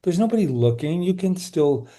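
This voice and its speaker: A man who leads workshops speaks as an interview guest, reflective and earnest, often slowing down and going quiet. His voice sits high and has big pitch swings.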